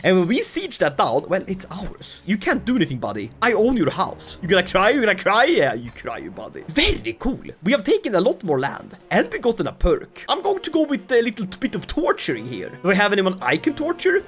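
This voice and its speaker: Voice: a little fast, few pauses, faint music behind. A game commentator giving comedic strategy game commentary, full of sarcastic asides and laughs. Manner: lively, swinging pitch with mock-dramatic outbursts.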